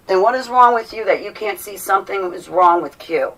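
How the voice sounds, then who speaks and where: A woman talking to her viewers in an animated, emphatic way, her voice swinging from loud to soft. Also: medium pitch, a little fast, hardly any pauses. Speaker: vlogger. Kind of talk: casual monologue to viewers. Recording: voice a bit far from mic.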